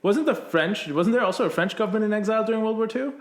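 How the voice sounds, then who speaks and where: Guy chatting on a podcast, kinda high voice, lots of "like", roomy echo. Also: fast. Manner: rambling, many "like" fillers. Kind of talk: casual podcast chat.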